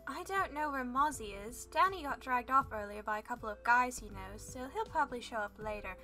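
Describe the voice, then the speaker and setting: A friendly teenage classmate chats easily at a lunch table, voiced by a woman. The voice is high and bright. It comes from a visual novel read aloud in roles, with faint music underneath. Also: fairly quick.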